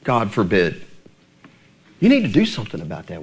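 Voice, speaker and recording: A man's voice: fairly low pitch, huge pitch swings, moderate pace, slightly rough. A male pastor preaching a sermon, asking his congregation rhetorical questions.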